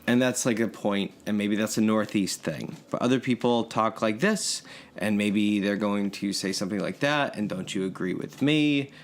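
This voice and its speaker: A man chatting casually on a podcast, his voice sitting a little lower than most. He rambles good-naturedly, trailing off and picking threads back up, with a chuckle slipping in now and then. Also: normal speed. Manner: rambling and good-humored, chuckling between thoughts. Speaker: podcast co-host. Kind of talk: casual chat. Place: indoors in Yonkers, New York.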